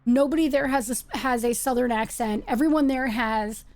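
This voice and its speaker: A woman's voice: a little high, normal speed. A woman hosting a live stream, chatting playfully with her viewers while she plays a game. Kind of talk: casual live-stream chat while gaming.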